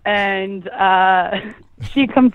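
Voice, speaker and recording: A woman's voice: mid-range voice, extremely slow, clear, resonant tone, no room sound. A young woman calling in and chatting away as she tells a story, laughing often and filling her talk with "like.". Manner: chatty, laughing, lots of "like" fillers. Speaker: caller guest. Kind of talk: casual storytelling. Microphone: phone. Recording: tinny phone line.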